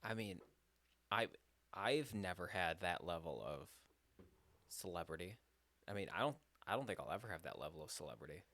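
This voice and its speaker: Low-voiced male co-host with a dry sound who needles with skeptical questions. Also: lively intonation, normal speed, pauses often, a bit bright, dry recording. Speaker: podcast co-host. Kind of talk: casual chat.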